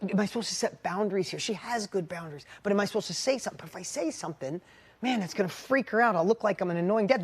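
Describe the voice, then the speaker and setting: Animated man telling a story to a live group. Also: sits high, fast, slightly rough. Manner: animated storyteller, voice rises sharply when excited; casual, swears, speaks directly to audience members by name. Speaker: business coach speaking to a mastermind group. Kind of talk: live motivational talk to an audience.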